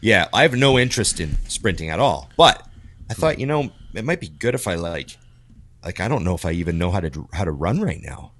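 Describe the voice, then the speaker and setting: A man's voice: deep voice, big pitch swings, a little fast, a bit bright. A man co-hosting a podcast, musing aloud in a hesitant way, full of fillers. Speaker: podcast co-host. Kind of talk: casual chat.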